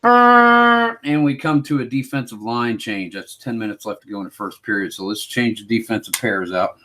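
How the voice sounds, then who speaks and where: A man running a solo tabletop hockey game, calling each play like a sportscaster in a relaxed, self-mocking way. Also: medium pitch, normal speed, a little hiss or hum. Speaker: board game player and host.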